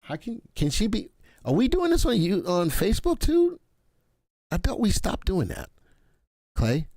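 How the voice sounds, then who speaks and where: A man's voice: sits high, wildly swooping pitch, measured pace, dark tone, no echo, clean studio sound. A man hosting a live stock analysis stream, chatty and playful, talking to his viewers by name. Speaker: live stock market show host.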